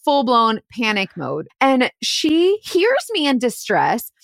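A woman private investigator telling a case story on a podcast, animated and full of "like". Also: a little high, takes it slowly, vocal fry, dry recording, clean studio sound. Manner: animated, heavy use of "like".

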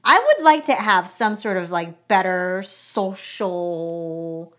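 A woman's voice: lowish voice, slow pace, a bit bright. A woman co-hosting a casual podcast, bubbly and teasing, with lots of fillers. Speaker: podcast co-host. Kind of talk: casual chat.

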